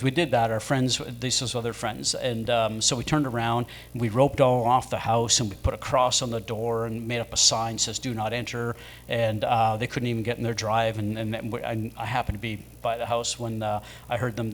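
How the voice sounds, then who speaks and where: A man's voice: medium pitch, flat delivery, brisk. A man telling casual anecdotes as a guest at a live show in a pub, rambling, with many fillers.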